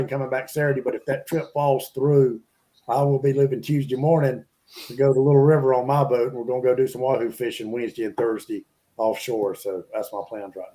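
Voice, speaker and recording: A man's voice: medium pitch, warm tone. A man chatting casually on a podcast, rambling through stories at length. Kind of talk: casual chat.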